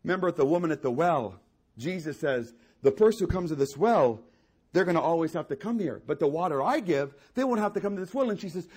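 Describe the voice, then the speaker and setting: Preacher, male, slightly high and husky; builds to fervent peaks, drops to soft prayer. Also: expressive, fast. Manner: impassioned preaching with repeated phrases, swinging from loud to hushed. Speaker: pastor. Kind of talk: sermon.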